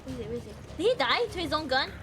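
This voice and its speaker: A young woman streaming a game, talking excitably and panicky, laughing and swearing often. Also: high-pitched, very fast. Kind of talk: live gameplay commentary. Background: game music.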